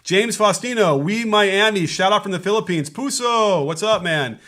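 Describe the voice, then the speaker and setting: A man's voice: high voice, normal speed, pushed and bright. A man hosting a live basketball post-game stream from home, talking through plays and reading out viewer super chats in a chatty, rambling way, with many ums and restarts. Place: home setup in Los Angeles.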